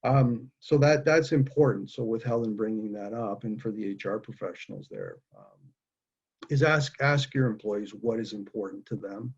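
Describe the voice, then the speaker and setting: A man with a husky, breathy voice speaks earnestly and haltingly, restarting his sentences as he goes. The audio is muffled and lo-fi, like a video call. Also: lowish voice, sing-song. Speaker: guest speaker. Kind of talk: candid personal conversation.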